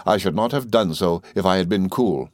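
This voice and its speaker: A weary, dignified schoolteacher from a storybook, voiced by a man in a low, quiet register. He keeps his words measured and restrained, recorded close and dry. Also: no echo, lightly acted. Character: humble, weary male schoolteacher.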